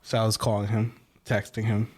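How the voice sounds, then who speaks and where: A man's voice: lowish voice, completely flat delivery, a little fast, noisy background. A man telling a teasing prank story in a casual chat with friends.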